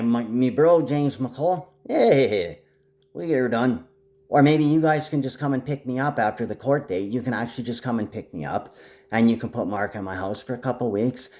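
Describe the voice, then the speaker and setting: A man in a rambling monologue to camera who swears often and swings from a low mutter to loud, high outbursts.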